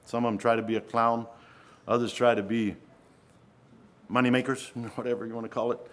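A man's voice: mid-range voice, little pitch movement, a little fast. A man preaching a sermon in an earnest way, often asking his listeners rhetorical questions.

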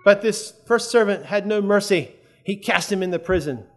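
A man's voice: sits high, moderate pace. A man preaching a sermon in an earnest, conversational way, often checking that his listeners follow.

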